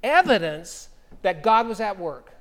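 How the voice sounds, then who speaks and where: A middle-aged male pastor delivering a sermon. He speaks with a high-pitched voice. His manner is relaxed and conversational, and he tells personal stories. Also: a little slow, long reverb tail. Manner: conversational storytelling.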